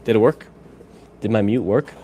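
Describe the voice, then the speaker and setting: A man in his thirties with a lowish, dark-toned voice talks at normal speed over a faint hiss or hum. He edits photos on a livestream, rambling and musing to himself in casual running commentary.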